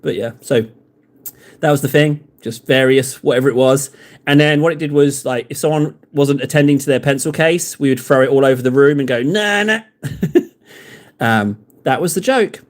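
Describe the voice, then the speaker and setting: A man's voice: medium pitch, moderate pace. A man chatting casually and rambling in jokes to his viewers while he paints models on a live stream. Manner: rambling, jokey, talks to viewers in chat.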